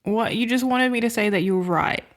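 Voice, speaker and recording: A woman's voice: fairly high pitch, a little fast. A woman co-hosting a podcast, chatting loosely about films she saw, rambling with lots of filler words and frequent laughs. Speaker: podcast co-host. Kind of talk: casual chat reviewing films.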